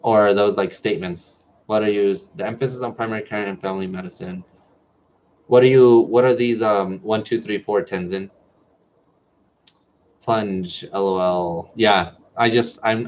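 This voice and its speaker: A medical student in his twenties from New Mexico hosts a casual livestream Q&A, chatting as he reads viewer comments aloud and answers them. His voice is on the low side with fairly even intonation and normal speed, captured in dull lo-fi livestream audio.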